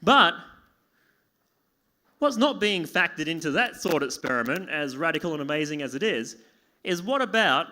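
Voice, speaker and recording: A young man with a high, bright, forceful voice does stand-up. He mocks himself and acts out little scenes, jumping into squeaky yelps and frantic begging. He plays it for a live pub crowd. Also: very animated, normal speed, long pauses. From Australia. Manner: self-deprecating, acts out dialogue with sudden yelps and pleading. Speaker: stand-up comedian. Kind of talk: stand-up comedy set. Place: small pub venue with live audience.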